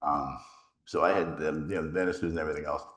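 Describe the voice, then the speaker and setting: A middle-aged man, a priest, giving a rambling, animated retreat talk full of stories and self-deprecating humor. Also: very deep voice, quick pace. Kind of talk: conversational retreat conference, storytelling.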